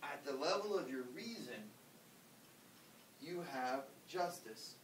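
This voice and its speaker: A man's voice: animated, takes it slowly. A man, a priest, giving an informal, conversational ethics lecture and acting out examples. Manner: conversational, emphatic, acts out examples. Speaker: Catholic priest teaching ethics. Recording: roomy, distant mic, faint rumble.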